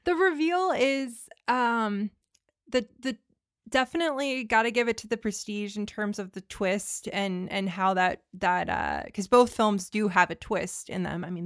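A woman co-hosts a film podcast with a smooth, resonant voice touched by fry. She talks eagerly, stumbling over repeated starts. The recording is close and dry. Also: medium pitch, no room sound. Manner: animated, stammering restarts. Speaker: podcast co-host. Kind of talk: casual film discussion.

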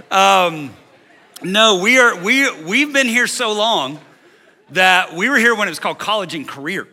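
A man's voice: high voice, lively intonation, measured pace, sharp tone. A man in his forties, a senior pastor, talking candidly and emotionally to a young adult congregation, joking and interrupting himself. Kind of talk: preaching to a young adult service. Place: large church auditorium.

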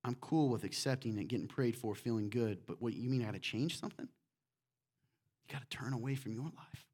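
A man preaching a sermon in a church, animated and acting out quotes in different voices. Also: mid-range voice, normal speed. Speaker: pastor.

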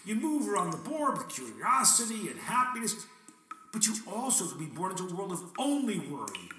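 A high-pitched man speaks briskly, his pitch swooping wildly and his tone pushed and bright, with faint music in the background. He delivers a dramatic, theatrical monologue to God, questioning and wry, breaking into bursts of swearing. The sound is echoey, as if recorded at a distance in a room, with a little noise.

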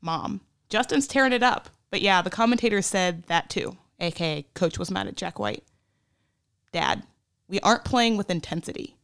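A woman's voice: mid-range voice, a bit bright. A woman co-hosting a sports podcast, giving a comic, exasperated dramatic reading of text messages, swearing and laughing along the way. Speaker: podcast co-host.

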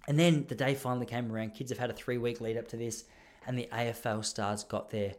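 A young man hosting a comedy podcast, telling stories in an animated way, laughing often and slipping into quoted voices. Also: mid-range voice, brisk. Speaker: podcast host and school teacher. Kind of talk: comedic storytelling monologue.

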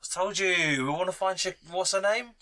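A man's voice: high voice, brisk, sharp tone, slight background noise. A man who is a player in a tabletop role-playing game, talking in a casual, jokey way. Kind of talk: tabletop role-play banter.

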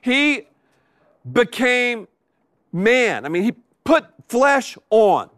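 A middle-aged pastor preaching a sermon to a live congregation, with animated delivery and emphatic repetition. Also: male voice, extremely high pitch, extremely slow, no echo, studio quality.

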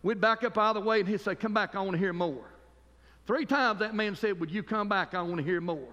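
A man's voice: high-pitched, a little fast, bright, forceful tone, big-room sound, muffled recording. A man preaching a fervent sermon as pastor, calling for amens from the congregation.

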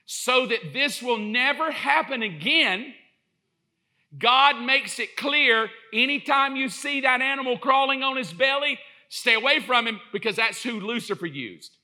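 High, bright-voiced animated preacher. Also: male voice, a little slow. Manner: animated, joking storyteller who acts out quotes. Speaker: pastor. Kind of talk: sermon.

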